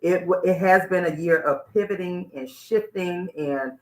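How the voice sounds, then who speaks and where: A woman's voice: on the low side, measured pace, a little mellow. A woman hosting a live internet radio show, chatting casually with guests and listeners and often restarting her sentences. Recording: roomy echo.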